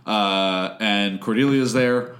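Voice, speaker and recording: A man's voice: lowish voice, slow, fairly bright tone. A man chatting casually on a podcast, recapping a TV episode in a rambling way with lots of fillers.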